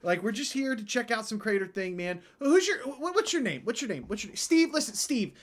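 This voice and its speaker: A man's voice: high voice, sing-song, a little fast. A man playing a tabletop game in a laid-back, joking manner. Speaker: player. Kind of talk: casual tabletop game play.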